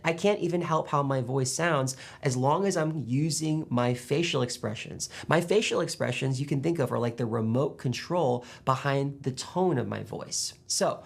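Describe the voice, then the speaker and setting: A man coaching public speaking to camera, animated as he demonstrates loud and soft delivery. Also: mid-range voice, moderate pace, vocal fry, hardly any pauses. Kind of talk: instructional talk to camera.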